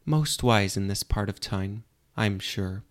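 A man voicing an elegant, mysterious man with a rich, elegant foreign accent, speaking with measured, formal courtesy. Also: fairly low pitch. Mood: courteous.

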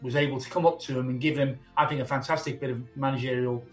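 A man's voice: medium pitch, fast, far from the mic, soft background music. Older man telling a story in a roomy room. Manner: animated storytelling. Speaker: interviewee, former footballer and father. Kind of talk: reflective interview storytelling.

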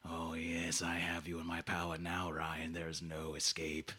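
A man putting on a suave, menacing old-film villain with a lowered, drawn-out, formal delivery. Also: completely flat delivery, sharp tone, slightly rough, full character voice. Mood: gloating. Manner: formal, gloating villain speech.

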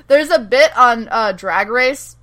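Woman, chatty podcast co-host, higher and bright, lively recap with quoted lines. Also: slow pace. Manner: animated recapping, acts out characters' lines, laughs often. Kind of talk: casual chat.

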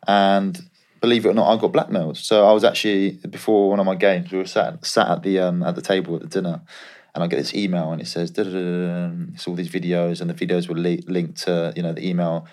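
A man's voice: low voice, flat delivery, fast, darkish tone. A man co-hosting a podcast, a former professional footballer telling candid stories in casual chat. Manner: candid, anecdotal storytelling.

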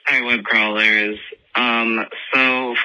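A man telling a long story in a casual, rambling way, filling almost every pause with filler words, as a recorded message from a listener. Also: medium pitch, level tone, pushed and bright, smooth, no room sound, rough recording.

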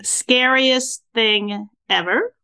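A woman in her sixties hosting a podcast, chatting casually and telling stories with lively, acted-out reactions. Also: fairly high pitch, very slow, creaky, smooth. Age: 60s. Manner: animated storyteller acting out her own reactions. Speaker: podcast host. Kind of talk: casual interview chat.

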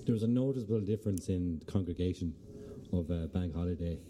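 A man's voice: low voice, quick pace, music in the background. A man with a County Clare accent, hosting a podcast in casual, joking chat. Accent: Irish, County Clare. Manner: chatty, jokey interviewer. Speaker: podcast host.

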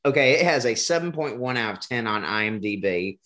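A man's voice: mid-range voice, expressive, brisk, a bit bright. A man hosting a podcast in casual chat, rambling and joking, often restarting his words. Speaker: podcast host.

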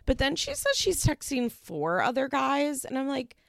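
A woman's voice: sits high, huge pitch swings, normal speed, vocal fry, no echo, clean studio sound. A young woman casually recapping a reality show, chatty and laughing often, with some swearing. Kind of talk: casual chat.

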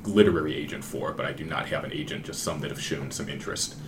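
Very deep-voiced man, laid-back. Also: fast talker, slight background noise. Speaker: novelist guest. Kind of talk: casual panel discussion.

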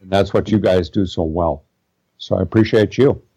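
A man's voice: low voice, normal speed, dark tone, breathy edge, poor audio. A middle-aged man talking casually as an interview guest, rambling with many fillers and restarts. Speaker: guest, practitioner studying naturopathy.

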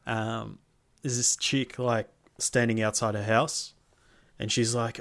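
A man's voice: medium pitch, slow pace, vocal fry. A young man with a middle-range voice chatting casually about a game. He rambles loosely and pads his sentences with fillers. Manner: rambling, relaxed, lots of fillers like "like". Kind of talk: casual gaming chat.

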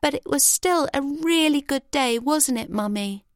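A woman's voice: sits high, animated, dry recording, clean studio sound, pitched above the performer's own voice. Woman doing a sweet three-year-old boy. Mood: happy. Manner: soft and slow, childlike.

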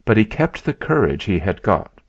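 A man narrating a first-person story in a slow, deliberate way. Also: fairly low pitch, very animated, dry recording. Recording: dull lo-fi recording.

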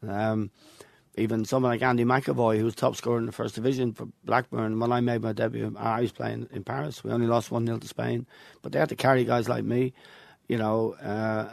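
A man's voice: mid-range voice, flat delivery, fairly quick, creaky, a little mellow, no echo. An older Irish man, a guest in an interview, telling anecdotes from his football past with chuckles between stories. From Ireland. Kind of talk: reminiscing interview.

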